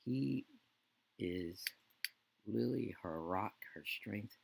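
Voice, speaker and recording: Low raspy guy narrating his game story, earnest, rambly. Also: lively intonation, very slow, dry recording, rough recording. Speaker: let's play narrator.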